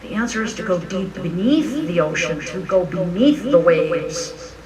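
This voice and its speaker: Animated preacher, distant mic, crowd noise. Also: medium pitch, unhurried. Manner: animated storytelling, frank and joking. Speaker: minister. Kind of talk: conversational sermon. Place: church or spiritual center, live service.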